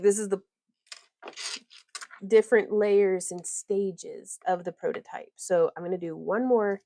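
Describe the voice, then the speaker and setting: A woman's voice: medium pitch, dark tone, no room sound. A woman hosting a casual crafting livestream, rambling, giggling often and reading viewer comments aloud.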